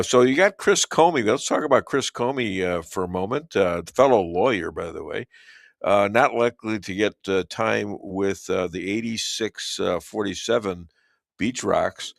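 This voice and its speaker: A man from Chicago hosting an interview show, speaking haltingly with many fillers and trailing off softly. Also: sits low, gravelly, no room sound, clean studio sound. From Chicago, USA. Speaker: show host. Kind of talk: casual interview conversation.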